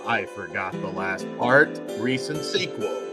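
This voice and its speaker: A man's voice: on the low side, animated, a little slow, music in the background. A man co-hosting a casual podcast, goofy and crude, joking around while reading out the nominees. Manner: goofy, crude jokes, reads in mock announcer voice. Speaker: podcast co-host. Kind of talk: casual chat.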